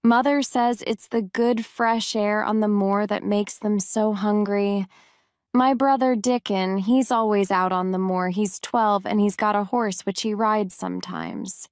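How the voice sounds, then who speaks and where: A woman reading a storybook voices a kind, talkative young servant girl who speaks warmly and sometimes scolds gently. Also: medium pitch, steady tone, unhurried, smooth, no echo, clean studio sound, close to an everyday voice. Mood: chatty.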